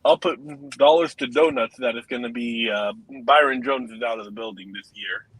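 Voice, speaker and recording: A man in a casual sports podcast chat, talking in a relaxed, slangy way. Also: mid-range voice, normal speed, breathy edge, no echo, low-quality recording.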